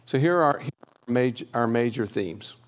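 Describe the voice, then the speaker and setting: A middle-aged man giving a relaxed church teaching, talking it through with pauses and restarts. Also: medium pitch. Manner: conversational, pauses with fillers and restarts.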